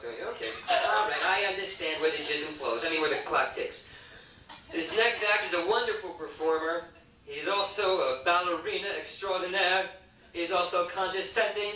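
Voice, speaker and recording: Heard from far off in an echoey comedy club with faint hiss, a male emcee with a high, pushed, bright voice speaks at normal speed. His stand-up is crude, rambling, and self-mocking, jumping from bit to bit.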